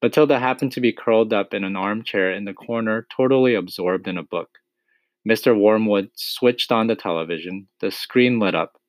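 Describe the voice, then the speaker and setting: Man, storybook narrator, low voice, dry close sound, steady expressive reading. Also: normal speed, no echo.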